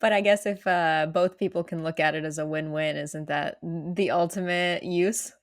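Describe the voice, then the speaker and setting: Female podcast host, deep voice, curious interviewer. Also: fairly even intonation, moderate pace. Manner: engaged, curious questioning. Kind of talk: interview questions.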